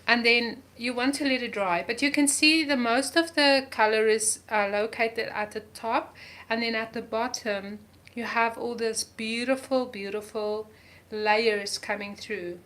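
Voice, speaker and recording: Slow, chatty woman art teacher. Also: a little high, steady tone, fairly bright tone. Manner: chatty, talks through each step while painting; enthusiastic about colors, repeats words. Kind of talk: live art journaling lesson.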